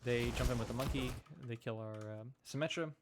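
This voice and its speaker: Brisk and medium-pitched, a man coaches while reviewing his team's match footage, thinking aloud casually and analytically and often restarting his sentences. There's noticeable background noise in the recording.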